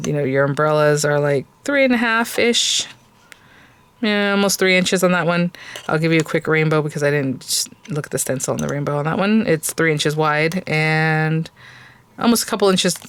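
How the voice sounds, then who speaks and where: Deep-voiced yet a bit bright, a woman hosts a craft video, opening kits and chatting eagerly in a casual way. Her tone is clean, and her talk is full of fillers and restarts.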